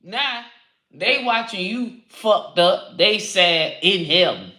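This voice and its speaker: A woman comedian hosting a live stream, ranting with constant profanity in a loud, rambling way. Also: mid-range voice, lively intonation, slow pace. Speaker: comedian host. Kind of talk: live-stream comic rant. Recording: echoey room.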